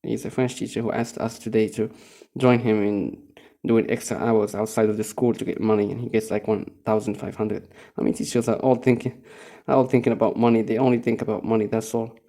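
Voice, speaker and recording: A man's voice: on the low side, little pitch movement, a little fast, dark tone. A young man from Morocco who works as a teacher, telling a rambling, profane story in a casual spoken-diary monologue and chuckling often.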